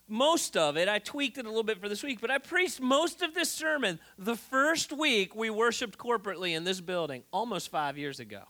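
A man preaches to his church in a loose, conversational way, full of "uh"s and restarts. His voice sits very high for a man. It has a forceful, bright edge. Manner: conversational, storytelling with many fillers and restarts. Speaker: pastor. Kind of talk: sermon.

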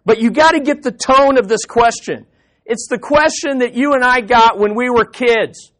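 A man's voice: extremely high pitch, normal speed, a bit bright. A man preaching a sermon as a pastor, emphatic and throwing rhetorical questions at his listeners.

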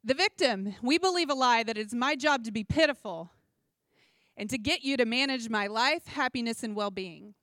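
A young adult woman preaching a sermon in a chatty, animated way, full of personal asides and humor. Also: on the high side, normal speed, no room sound, studio quality. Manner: conversational and animated, with asides and self-deprecating humor.

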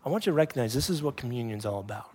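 A man in his thirties, a pastor preaching a sermon with animated storytelling that drops to hushed emphasis. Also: medium pitch, rapid-fire.

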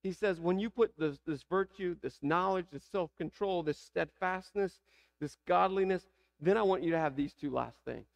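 A man's voice: high voice, moderate pace, vocal fry. A man with a Southern American accent preaching a sermon, asking the congregation rhetorical questions. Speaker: pastor.

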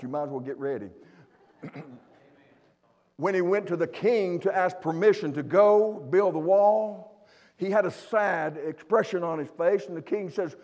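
Preacher, male, high-pitched, fervent and repetitive, church with long reverb. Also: a little mellow. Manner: preaching fervently, repeats and restarts phrases. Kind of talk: sermon. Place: church sanctuary.

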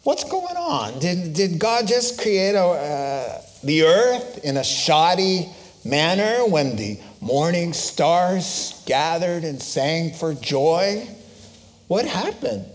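Animated preaching man, slightly high voice. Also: slow pace. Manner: animated storytelling, acts out voices, shifts to solemn preaching. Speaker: pastor. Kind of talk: sermon with personal story.

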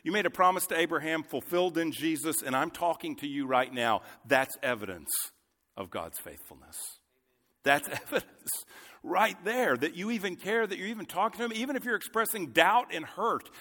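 A man delivers a sermon from the pulpit in a fairly high, bright and forceful voice. He speaks with earnest conviction that swells into fervent emphasis. His words carry a long reverb, as in a large church hall. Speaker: pastor.

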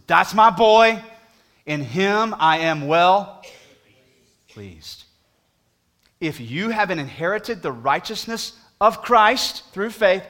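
A man preaching a sermon, pleading with the congregation, moving from booming emphasis to hushed appeals. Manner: talks to the congregation directly with questions. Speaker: pastor.

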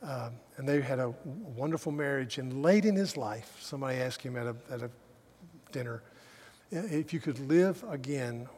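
Pastor preaching in an echoing hall. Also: male voice, mid-range voice, normal speed, breathy edge. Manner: stumbling restarts, swings from loud emphasis to soft asides. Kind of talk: sermon. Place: church sanctuary. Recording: long reverb of a large hall.

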